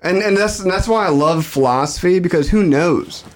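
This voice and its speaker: A man's voice: sits high, normal speed. A man co-hosting a podcast, talking casually and rambling through big ideas, often repeating his words. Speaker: podcast co-host.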